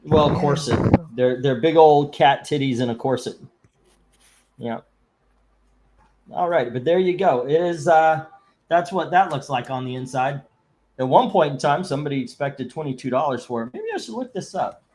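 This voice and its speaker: A man's voice: fairly high pitch, expressive, normal speed, darkish tone. A man hosting a live comic book auction stream, chatting casually in a rambling, joking way and reading out viewer comments. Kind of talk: casual livestream chat.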